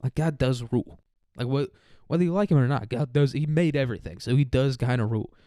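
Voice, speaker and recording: A young man rambles through a comic monologue, cursing freely and with no reverence. His voice is smooth and clear, and the recording is dry and close. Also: mid-range voice, fast, mellow, no room sound. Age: young adult. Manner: profane, rambling, irreverent. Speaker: comedy podcaster.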